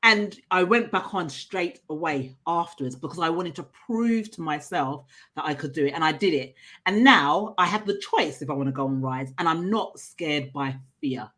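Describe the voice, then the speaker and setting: A middle-aged woman, a coach and trainer, telling personal stories in an interview in an earnest, animated way. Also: sits low, normal speed. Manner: earnest, animated storytelling with laughs.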